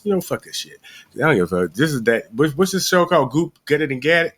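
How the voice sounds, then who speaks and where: Animated, profane man telling a story. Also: a little high, quick pace, breathy edge. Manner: animated storytelling, acts out quoted voices, heavy profanity. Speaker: podcast co-host. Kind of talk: casual chat.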